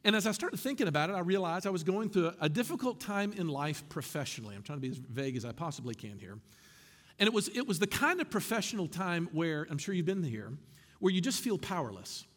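A man's voice: high-pitched, big pitch swings, fast, big-room sound. A male pastor preaching a sermon in a conversational way, turning often to speak straight to his listeners.

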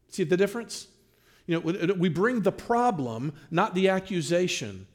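A pastor teaching a marriage class and taking questions, animated, acting out little bits of dialogue. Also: male voice, sits high, moderate pace. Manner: animated, acts out quoted dialogue.

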